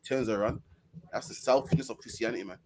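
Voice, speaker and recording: A man's voice: medium pitch, fast talker, background noise. A man preaching on a stream, repeating himself for emphasis and ending phrases with "man.". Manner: preachy, repeats "man" and "all you care about". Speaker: street preacher co-host. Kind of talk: stream discussion.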